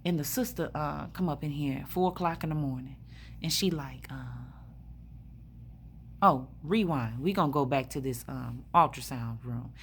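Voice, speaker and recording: Woman, gravelly, blunt and profane, rambling with fillers, faint background hiss. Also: low-pitched, moderate pace. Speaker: spiritual vlogger. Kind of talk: casual storytelling monologue. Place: hospital room.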